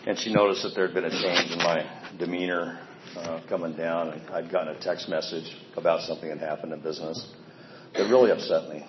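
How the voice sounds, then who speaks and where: In a low, fairly even voice and a brisk pace, a man gives a plainspoken personal testimony about his recovery, self-deprecating about how he used to behave. Faint ambient noise sits under an echoey, dull recording.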